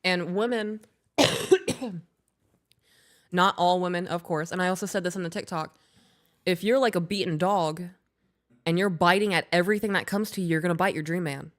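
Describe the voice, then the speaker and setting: A woman co-hosting a podcast, chatting casually and bluntly. She swears freely and laughs her way through stories. Her voice sits a bit low for a woman. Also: steady tone, moderate pace, pauses often. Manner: blunt, profane, laughing while storytelling. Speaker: podcast co-host.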